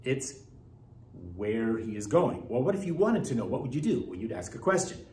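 A very animated, fast-talking man with a slightly mellow voice is heard from a distant mic in an echoey classroom with faint hiss. Teaching a Greek class, he explains grammar step by step, asks rhetorical questions, and his pitch rises and falls widely.

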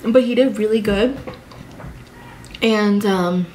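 A woman's voice: medium pitch, fairly even intonation, unhurried, a little hiss or hum, rough recording. A young adult woman chatting casually for a food vlog, telling a rambling story full of fillers. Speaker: food vlogger. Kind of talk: casual eating vlog chat.

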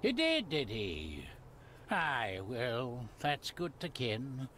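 A man with a Scottish accent playing a gruff, secretive gardener who clings to the old ways, speaking slowly and guardedly. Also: mid-range voice, wildly swooping pitch, sharp tone, slight background noise, heavily acted. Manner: slow, guarded, dialect-heavy. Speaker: game character.

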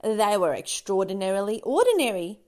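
A woman narrating a children's picture book aloud in an expressive, sing-song storytelling manner. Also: medium pitch, normal speed. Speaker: storybook reader.

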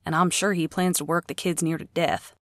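A woman voicing a gruff middle-aged father who speaks in low, muttered asides, in a dry recording. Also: fairly even intonation, a little fast, no room sound, close to an everyday voice. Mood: muttering.

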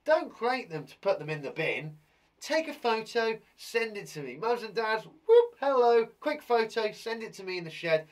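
A man's voice: high-pitched, sing-song, normal speed, fairly bright tone. A young man hosting a playful live online lesson for children. He chats to a toy monkey puppet as he teaches. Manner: bouncy and playful, talks to a puppet. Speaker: primary school teacher and host.

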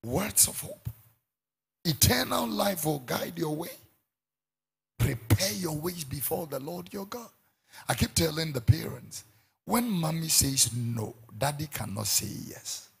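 Pastor guy preaching, rough husky voice, kinda high, mixes pidgin in, shouts now and then. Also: a little slow. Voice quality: gravelly, very husky. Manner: animated preaching, switches between English and Pidgin, bursts into shouts and song. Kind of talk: sermon.

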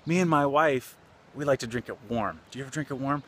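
A man voicing a sweet, kindly old man in his seventies who talks gently and slowly. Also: medium pitch, slight background noise, pitched above the performer's own voice. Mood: fond, chatty.

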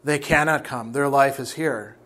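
A man's voice: mid-range voice, normal speed, fairly bright tone, lightly acted. Male reader voicing an ancient dragon, grave, archaic phrasing. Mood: solemn. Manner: archaic formal speech.

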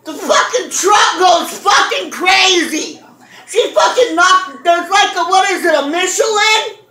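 A woman telling a story in a loud, profane rant, cursing and laughing as she yells. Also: extremely high pitch, animated, measured pace. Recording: roomy echo.

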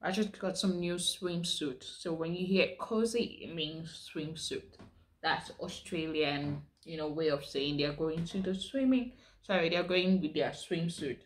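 A woman's voice: lowish voice, measured pace. A woman from Nigeria chatting casually in a vlog, explaining slang while she does her makeup. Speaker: vlogger.

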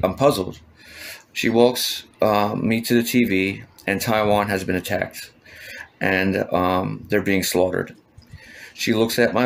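A married man recounting a dream, halting often with ums and uhs. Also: lowish voice, creaky, slight background noise.

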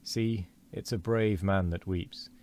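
A man's voice: low-pitched, fairly even intonation, slow, darkish tone, slight background noise. A man reading the lines of a loyal, sorrowful first mate who pleads in archaic speech. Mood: pleading.

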